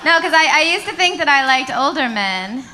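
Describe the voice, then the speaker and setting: A woman comedian doing a stand-up set with a dry, deadpan delivery. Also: sits high, a little fast, noisy background. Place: comedy club stage.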